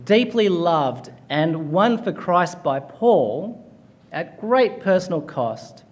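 Man, somewhat high voice, chapel sermon, humorous storytelling. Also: sing-song, slow pace. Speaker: preacher.

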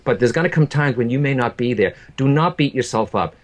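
A man's voice: medium pitch, animated, fairly quick. A man who works as a medium, telling an emotional personal story in an earnest, repetitive way and often addressing the host by name.

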